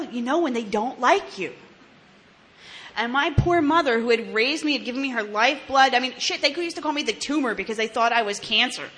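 Blunt, bright-voiced New woman. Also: a little high, slight background noise. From New Jersey, US. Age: 30s. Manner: blunt, swearing, frequent laughs and restarts. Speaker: recovery speaker. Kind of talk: candid personal testimony.

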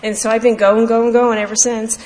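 A woman's voice: fairly high pitch, little pitch movement, fairly quick, darkish tone. A woman candidly sharing her personal recovery story at a meeting, in a heartfelt storytelling manner. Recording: echoey hall with faint background noise.

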